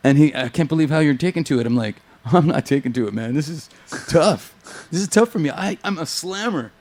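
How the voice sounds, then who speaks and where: A man chatting casually as a guest, telling lively anecdotes, acting out what others said and swearing freely. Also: a little high, a little fast. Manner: animated anecdotes, acts out quoted voices, swears. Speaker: guest guitarist. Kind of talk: casual storytelling chat.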